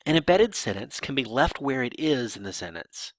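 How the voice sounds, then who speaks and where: A man's voice: medium pitch, normal speed, dry recording. A man teaching sign language grammar, explaining examples step by step with some restarts. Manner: lively explanatory delivery with restarts.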